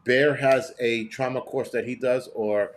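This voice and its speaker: A man's voice: mid-range voice, fairly even intonation, unhurried. A man hosting a prepping show, giving blunt, profane, rambling live-stream commentary and reading chat messages aloud.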